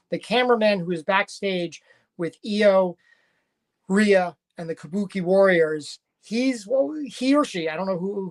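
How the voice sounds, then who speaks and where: A woman casually recapping a wrestling show, chatty and rambling with frequent fillers and restarts. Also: medium pitch.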